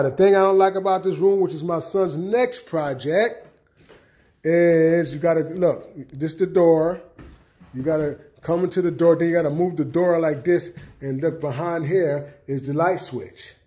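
A man's voice: on the high side, a little slow, husky. A middle-aged man giving a casual tour of his apartment, often checking in with "okay?". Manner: relaxed, repeats "okay?" often. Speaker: home tour vlogger. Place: apartment room indoors.

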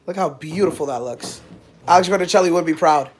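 A man hosting a live cooking stream from his home kitchen, talking excitedly and joking about himself. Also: a little high, brisk, a little hiss or hum. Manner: excitable, joking, self-deprecating. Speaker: cooking show host. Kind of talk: casual live-stream chat.

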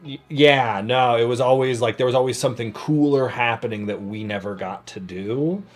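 A man's voice: medium pitch, normal speed, faint music behind. A man co-hosting a casual tabletop gaming chat, talking in a loose, rambling way and reading out listener stories. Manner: rambling, full of "like" and restarts.

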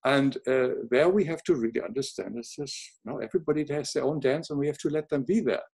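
An older man speaks with a noticeable foreign accent. He talks in a soft, earnest and reflective way. He often pauses and restarts his sentences as he thinks aloud in casual conversation. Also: mid-range voice, vocal fry, husky. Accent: noticeable non-native English accent. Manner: halting, many restarts, soft-spoken and earnest. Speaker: podcast guest.

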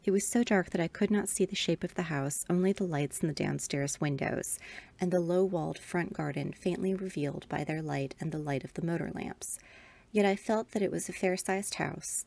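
A woman reads a Victorian ghost story aloud in a measured, expressive way. Her voice is on the low side with a gravelly texture. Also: no room sound. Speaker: podcast host reading aloud.

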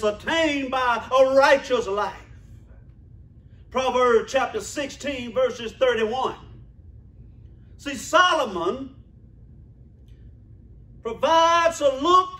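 A man's voice: very high voice, fairly bright tone, echoey room. A man preaching a sermon to his church, emphatic and rhythmic, repeating his phrases for effect.

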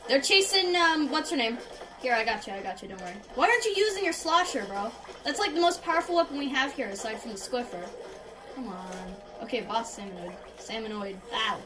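A woman doing gameplay commentary, reacting loudly with exclamations and self-conscious laughter. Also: a little high, sing-song, normal speed, far from the mic, poor audio. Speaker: gaming YouTuber. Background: game music.

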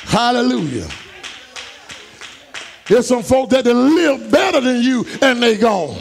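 A preacher delivering a fervent sermon in a church, building into shouts and sudden high whoops. His voice sits unusually high for a man and carries a gravelly edge. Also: very animated, unhurried, pauses often, some chatter behind. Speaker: pastor. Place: church sanctuary.

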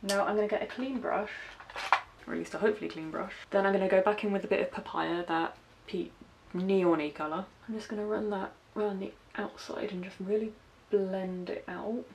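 A young West Country woman with a light local accent chats casually through a makeup tutorial, narrating each step with self-deprecating asides. Her mid-range voice is gravelly and a little mellow, fairly quick, with fairly even intonation. There's slight background noise.

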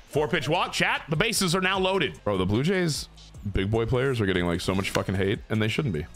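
A young man with a mid-range, slightly bright voice streams a baseball video game, chatting casually with his viewers. He cheers, groans and swears at every play.

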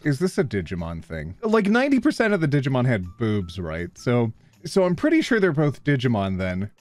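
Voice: mid-range voice, huge pitch swings, normal speed, a little mellow, dry recording. A video host reads funny online posts aloud, breaking into giggles and incredulous reactions. The voice swoops wildly up and down with big expression. It is recorded close and dry, with no room sound. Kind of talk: casual meme reaction, reading posts aloud.

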